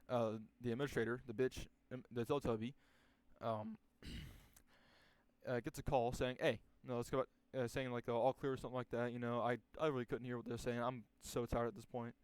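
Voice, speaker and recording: A man's voice: medium pitch, fairly even intonation, normal speed, clean tone, no room sound. A young man casually telling a story from his school days, rambling and profane, with many restarts and fillers.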